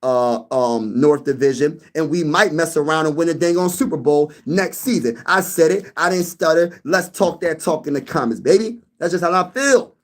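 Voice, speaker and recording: A man's voice: fairly high pitch, moderate pace, hardly any pauses. A man hosting a casual sports livestream, reading viewer comments and talking with boastful hype and lots of slang. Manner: hyped and boastful, repeating phrases for emphasis; slangy street talk, calls listeners bro and baby. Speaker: sports channel host.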